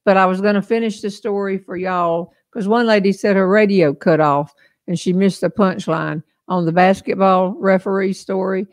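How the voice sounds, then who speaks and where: A woman's voice: medium pitch, steady tone, moderate pace. An older woman with a Southern US accent hosting a casual live-stream chat, folksy and chatty, laughing often. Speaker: host.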